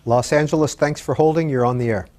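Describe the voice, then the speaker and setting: A male host moderating a call-in show in a brisk, businesslike way. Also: medium pitch, fairly even intonation, darkish tone.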